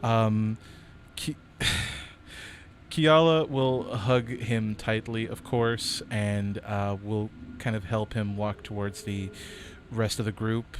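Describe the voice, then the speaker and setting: A man running a tabletop game as dungeon master, narrating in an animated, rambling way. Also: lowish voice, slow pace, slight background noise. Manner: rambling, animated, lots of fillers and laughs.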